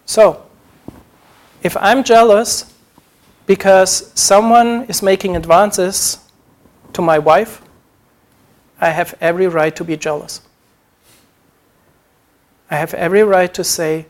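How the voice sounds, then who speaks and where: A man's voice: sits high, steady tone, slow pace, long pauses. A man preaching a sermon, earnest, acting out short quoted prayers as he teaches.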